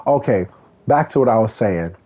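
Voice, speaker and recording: A man's voice: fairly low pitch, lively intonation, moderate pace. A man streaming a racing game, chatting casually and telling a rambling story with lots of swearing. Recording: tinny phone-like sound.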